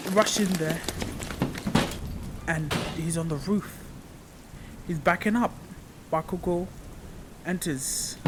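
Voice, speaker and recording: A man narrating an improvised fan story in a casual, halting way, often repeating his phrases. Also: sits high, noisy background.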